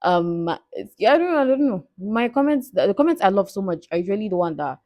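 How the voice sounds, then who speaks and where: A woman's voice: medium pitch, very animated, quick pace, warm tone, no room sound, studio quality. A young woman, answering viewer questions in a candid, playful way that breaks into frequent laughs. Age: 20s. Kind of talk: casual Q&A vlog.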